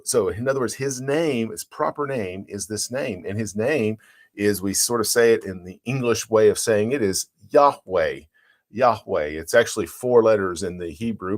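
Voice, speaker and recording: An earnest pastor delivers a devotional sermon. He talks plainly and warmly to his flock, reading scripture aloud and then unpacking it verse by verse. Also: on the low side. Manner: earnest, plain-spoken, reads and explains scripture.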